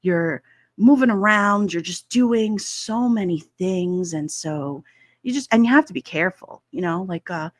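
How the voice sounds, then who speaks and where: A woman's voice: lowish voice, measured pace, dry recording, clean studio sound. A woman from Brooklyn, hosting a casual livestream chat, reading viewer comments and laughing often between many fillers. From Brooklyn, New York. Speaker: livestream host. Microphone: headset mic with headphones.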